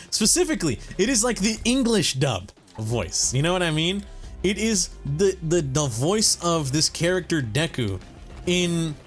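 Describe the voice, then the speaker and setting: A man's voice: medium pitch, a bit bright. A young man hosting a gaming channel, chatting casually and profanely over gameplay, rambling and correcting himself as he goes.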